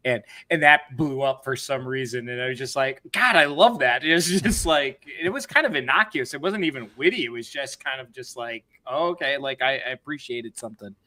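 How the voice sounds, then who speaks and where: Bright-voiced chatty man. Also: medium pitch. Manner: rambling, laughing storyteller. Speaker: podcast guest. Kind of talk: casual chat.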